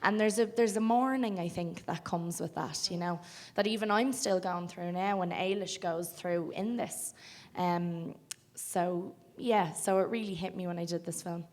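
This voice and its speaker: A young Irish woman with a generic Dublin accent talks casually on a festival panel about her acting work. Her voice sits a little low for a woman, and her chatty answers are loose, broken by ums and laughter. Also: unhurried, hardly any pauses. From Ireland. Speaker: film actor guest. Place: festival cafe stage.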